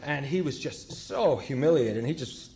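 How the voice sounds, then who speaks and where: A man speaking at a recovery meeting, telling a story in a halting way, full of fillers and self-corrections, with wry self-deprecating humor. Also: medium pitch, expressive, warm tone, slight background noise.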